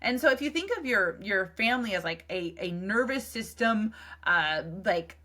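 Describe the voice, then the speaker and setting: A woman's voice: mid-range voice, animated, moderate pace, bright, forceful tone. A woman in her thirties hosting a solo parenting podcast, talking in an earnest, conversational way with many fillers and restarts. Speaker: podcast host. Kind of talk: casual solo podcast talk.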